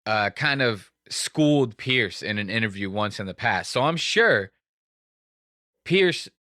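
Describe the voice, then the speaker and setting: With a lowish, pushed and bright voice, a young podcast host speaks slowly but with lively intonation. He meanders through a story with jokes and plenty of profanity. The recording is dry and studio-clean.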